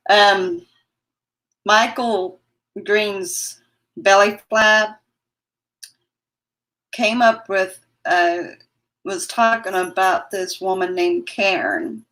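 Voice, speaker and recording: A woman's voice: medium pitch, a bit bright, low-quality recording. A woman chatting casually on her livestream who says she has trouble with her W sounds and coos at her dog in baby talk. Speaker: vlogger reading live chat.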